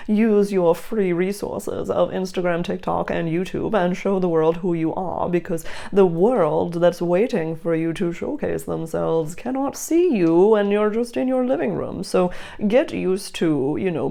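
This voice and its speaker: A woman's voice: fairly low pitch, creaky, a little mellow. A woman giving a casual, effusive astrology reading, rambling with many restarts. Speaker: astrology reader.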